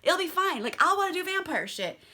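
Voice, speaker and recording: A woman's voice: very high-pitched, very animated, fairly quick, sharp tone, pitched above the performer's own voice, heavily acted. A woman voicing a brash, eager young man who swears and talks in an incredulous way.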